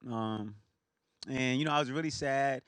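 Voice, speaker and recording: A man's voice: medium pitch, moderate pace, a bit bright, smooth, dry recording. A man doing a stand-up comedy set, loose and conversational, with punchy delivery.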